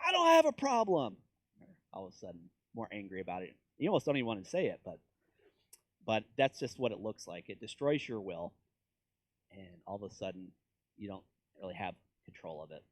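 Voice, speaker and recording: A male pastor from Kansas preaching a sermon in a conversational way, breaking into loud, high emphasis and dropping to low asides, and acting out quoted voices in mocking tones. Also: no room sound.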